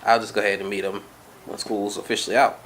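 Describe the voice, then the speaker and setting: A man's voice: on the low side, level tone, fast talker, a bit bright, slight background noise. A young man vlogging, telling a personal story in a casual, conversational way and acting out the lines of the people in it. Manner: conversational, many fillers, acts out quoted lines. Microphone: camera-mounted shotgun mic.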